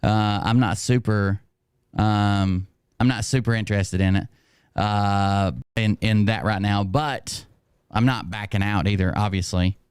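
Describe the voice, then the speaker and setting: A man's voice: on the low side, steady tone, unhurried, clean tone, no room sound, clean studio sound. A man hosting a casual livestream, rambling and self-mocking, laughing often. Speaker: streamer host.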